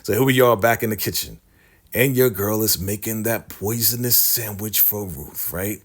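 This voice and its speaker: A man's voice: lowish voice, moderate pace. A man giving a casual TV episode recap, chatty, laughing often and addressing his viewers. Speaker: TV recap vlogger.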